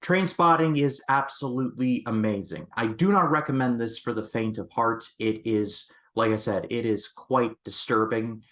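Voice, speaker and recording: A man's voice: mid-range voice, normal speed, hardly any pauses. A man talking through a movie review in a casual, chatty way, with lots of "like"s and restarts. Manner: chatty and expressive, with frequent "like"s and restarts.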